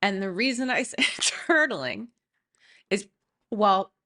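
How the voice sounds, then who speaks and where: A woman's voice: medium pitch, slow pace. A woman guest in a casual podcast chat who talks animatedly, laughs often and acts out the people she describes. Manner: animated, giggly, acts out quotes.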